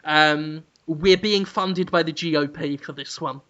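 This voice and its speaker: A man's voice: a little high, a little slow, bright, forceful tone, lo-fi sound. A man hosting a comedy podcast, riffing with giggles and stammered restarts. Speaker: podcast host.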